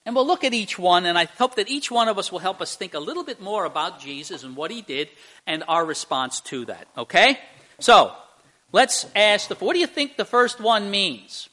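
A male pastor preaching a conversational sermon in church, halting with fillers and restarts and speaking directly to the children. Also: high voice, sing-song, sharp tone. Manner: addresses children in the congregation directly.

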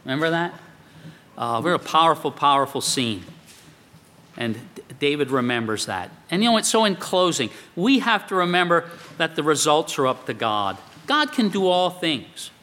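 A man preaching a sermon as a pastor, animated and emphatic. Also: on the high side, moderate pace. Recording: long hall reverb.

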